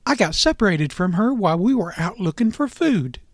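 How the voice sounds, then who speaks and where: A man's voice: high voice, big pitch swings, fairly quick, no echo, clean studio sound, exaggerated voice. A man doing a lost, trembling bear cub. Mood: frightened. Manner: trembling, quivering voice. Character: lost frightened little male bear cub.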